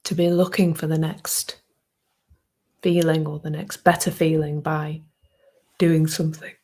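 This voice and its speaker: A woman in her fifties giving a soft-spoken, reflective personal talk that often sinks to a hushed near-whisper. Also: sits low, flat delivery, unhurried. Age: 50s. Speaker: speaker sharing a personal reflection.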